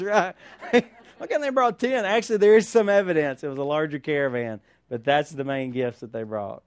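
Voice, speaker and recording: A man's voice: a little high, brisk, dry recording. A man preaching a sermon, firing rhetorical questions and calling for an amen from the congregation. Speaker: pastor.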